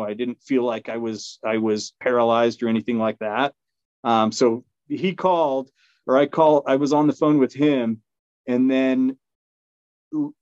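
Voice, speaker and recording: A man's voice: darkish tone, no echo. A man telling a story in a casual, rambling way, with fillers, restarts and frequent laughs. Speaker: podcast guest. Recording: dull, dry low-fidelity sound.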